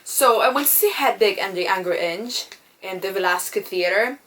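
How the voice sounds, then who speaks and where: A woman's voice: mid-range voice, animated, normal speed, fairly bright tone. A young woman vlogging in a casual, chatty way, full of ums and casual swearing. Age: young adult. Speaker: beauty vlogger. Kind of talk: casual chat.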